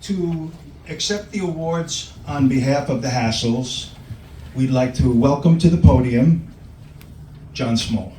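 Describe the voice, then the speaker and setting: A man's voice: medium pitch, slow. A man presenting at an awards ceremony, reading out who accepts each award and welcoming them to the podium. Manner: reads names and welcomes people up. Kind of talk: formal announcing at a podium. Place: large event hall. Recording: echoey hall from far off with loud noise.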